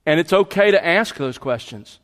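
A man's voice: a little high, lively intonation, normal speed, fairly bright tone, big-room sound. A man preaching a verse-by-verse sermon, stressing key words and repeating phrases for emphasis. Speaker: pastor. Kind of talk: expository sermon.

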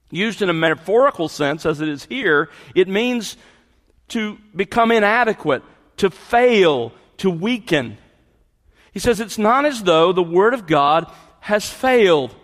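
A man's voice: high voice, lively intonation, a little slow. A middle-aged man preaching a sermon, explaining scripture and building to emphatic peaks. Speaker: pastor. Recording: long hall reverb.

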